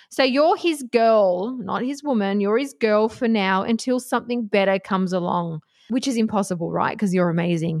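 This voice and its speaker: A woman talking bluntly and passionately as she gives relationship advice, swearing freely along the way. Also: medium pitch. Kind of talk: casual advice monologue.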